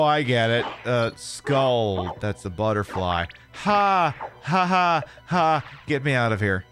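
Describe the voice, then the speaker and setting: A streamer doing let's-play commentary speaks in a mid-range, fairly bright voice over game music. He's sarcastic, swears freely, and addresses the enemies and weapons on screen directly.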